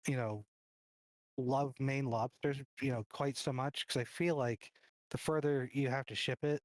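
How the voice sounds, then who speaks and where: Mid-pitched male podcaster, dry sound, blunt and opinionated. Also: fairly even intonation, measured pace, no room sound. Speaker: podcast co-host. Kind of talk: casual chat.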